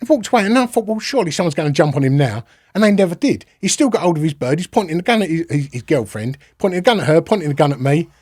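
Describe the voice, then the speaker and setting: Middle-aged London man, fairly high voice, dry close sound, swears and acts out lines as he spins his tale. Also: rapid-fire, no room sound. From England. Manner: swears freely, lively retelling with acted-out quotes. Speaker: podcast guest. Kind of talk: casual storytelling.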